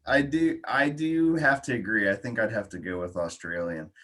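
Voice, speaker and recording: Low raspy guy hosting a podcast, dry jokey way of teasing his buddies. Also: moderate pace, pushed and bright. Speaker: podcast host. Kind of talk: casual chat.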